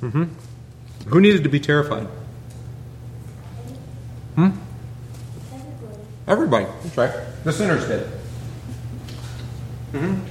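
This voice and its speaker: A man, a pastor, teaching a Bible class in a relaxed conversational way, peppering it with rhetorical questions and asides. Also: on the high side, slow, pauses often, echoey room, a little hiss or hum.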